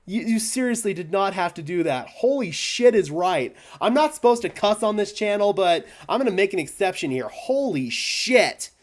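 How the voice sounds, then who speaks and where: A young man hosting a fan live stream, stammering and overwhelmed, swinging from hushed thanks to shouting. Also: high-pitched, big pitch swings, moderate pace, hardly any pauses. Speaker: fan channel host.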